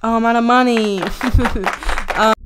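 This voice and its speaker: A young woman YouTuber giving casual gameplay commentary, chatty and excitable, swearing often and mocking herself. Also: a little high, measured pace, noisy background.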